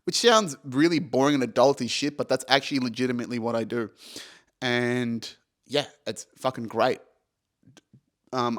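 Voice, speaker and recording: A man hosting a podcast, talking casually and candidly, swearing now and then with enthusiasm. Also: medium pitch. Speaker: podcast host. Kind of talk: casual solo podcast talk.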